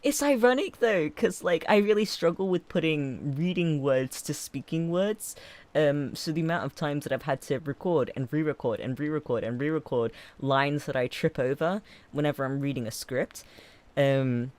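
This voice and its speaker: Excitable streamer with a mixed accent. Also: male voice, fairly high pitch, moderate pace. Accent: mixed English and American. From England. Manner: swings from soft and gentle to loud and excitable, laughs often. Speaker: streamer host. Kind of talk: casual livestream chat.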